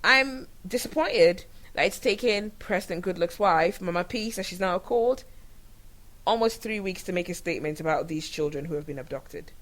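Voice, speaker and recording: A woman from Nigeria hosting her own show, giving candid, animated commentary on the news and laughing often as she talks. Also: fairly low pitch, normal speed, poor audio. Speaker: show host. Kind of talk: opinionated commentary monologue.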